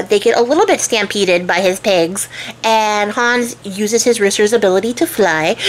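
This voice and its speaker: A woman's voice: fairly high pitch, a bit bright, slight background noise, poor audio. A woman retelling a fairy tale in a chatty, irreverent way, with asides to her viewers and casual swearing. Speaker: storyteller, channel host.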